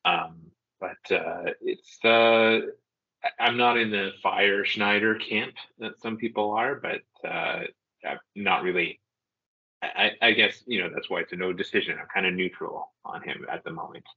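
A man's voice: lowish voice, moderate pace, slightly rough, lo-fi sound. A man co-hosting a sports podcast in casual chat, hesitant and full of fillers as he weighs his opinions. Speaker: podcast co-host.

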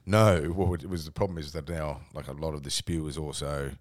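A man's voice: a bass voice, fairly quick. A young Australian man telling a rambling, sweary story on a casual podcast, laughing as he goes. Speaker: podcast co-host.

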